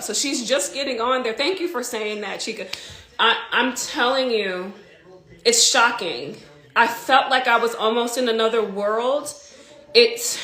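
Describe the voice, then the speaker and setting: Woman, 30s, marketing coach, casual live chat, eager and rambling, a bit congested, bright forceful tone. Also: on the high side, slight background noise. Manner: excited, rambling, full of "like".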